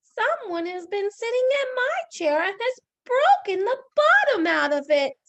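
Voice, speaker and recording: A woman voicing a tiny young male bear cub with a squeaky, wailing voice. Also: sing-song, measured pace, lo-fi sound, full character voice. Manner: wailing, high and shouted.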